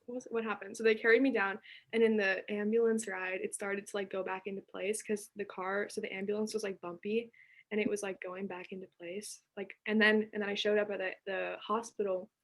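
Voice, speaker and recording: A teenage girl telling a story as a podcast guest, chatty and animated, full of fillers. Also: mid-range voice, quick pace. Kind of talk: casual chat.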